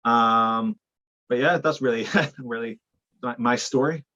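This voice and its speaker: A man's voice: mid-range voice, slow, bright, forceful tone, muffled recording. A young man with a Northern Irish accent, chatting casually as an interview guest, full of fillers and restarts. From Northern Ireland. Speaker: filmmaker guest.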